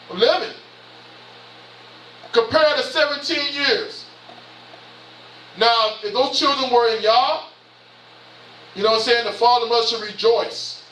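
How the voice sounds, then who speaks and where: Fervent Southern preacher in his fifties, very high, bright voice, echoey sanctuary. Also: slight background noise. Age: 50s. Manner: impassioned, repetitive preaching with rhetorical questions. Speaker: bishop. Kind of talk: sermon. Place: church sanctuary. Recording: echoey church from far off.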